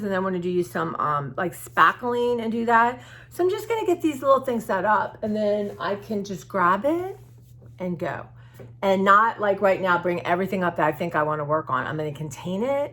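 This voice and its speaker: Talking about her art journaling from home, this vlogger has a mid-range voice with a fairly bright tone. Her casual chat with viewers is rambling and open-hearted, full of restarts.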